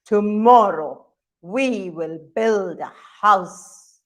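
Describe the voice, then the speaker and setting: A woman voicing a father monkey who makes slow, solemn promises in a storybook tale. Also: mid-range voice.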